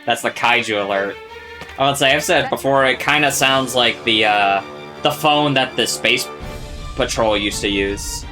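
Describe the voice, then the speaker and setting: A man giving casual reaction commentary to a show, excitable and swearing freely as he talks back at the screen. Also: mid-range voice, measured pace. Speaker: reaction video host. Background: show audio and music playing.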